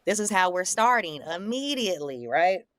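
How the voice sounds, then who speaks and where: A young adult woman casually recounting a confrontation, acting out the quoted lines in a higher, animated voice. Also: moderate pace, a little hiss or hum. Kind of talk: casual storytelling in conversation.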